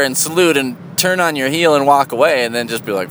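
A man in a casual, rambling monologue, sardonic and full of swearing, jumping into a high, loud voice for emphasis. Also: lively intonation, brisk, hardly any pauses, slight background noise.

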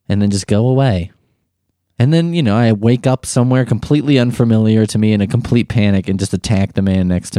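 Male host, low and mellow, sarcastic swearing commentary, dry mic. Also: dry recording. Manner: sarcastic, profane, riffing. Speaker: host reading and mocking news.

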